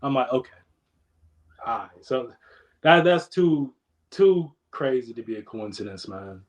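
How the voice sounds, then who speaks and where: A man's voice: mid-range voice, animated, a little slow. Laid-back young man telling a story. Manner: laid-back slangy storytelling, trailing off quietly. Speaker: podcast guest. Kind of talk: casual chat.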